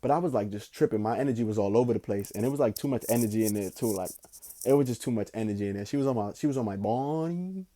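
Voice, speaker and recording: Mellow, slangy young man rambling. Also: fairly low pitch. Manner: loose, slangy and profane, swings between slow musing and excited bursts. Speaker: podcast host. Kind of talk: casual rambling storytelling.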